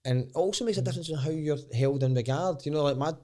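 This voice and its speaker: A man's voice: fairly high pitch, quick pace. Chatty Scottish man telling stories. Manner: lively anecdotal, swears casually, acts out quotes. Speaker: podcast guest, stand-up comedian. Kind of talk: casual storytelling chat.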